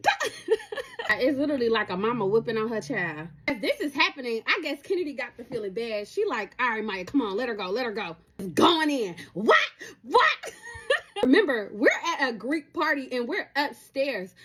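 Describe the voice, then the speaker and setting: Lively, husky young woman telling a story. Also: fairly high pitch. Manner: animated, talks straight to viewers. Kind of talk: casual storytime to camera.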